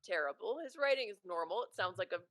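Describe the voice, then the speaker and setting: A woman's voice: medium pitch, lively intonation, fast talker, a bit bright, no room sound. A woman co-hosting a podcast in casual chat, wry and blunt in her opinions. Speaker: podcast co-host.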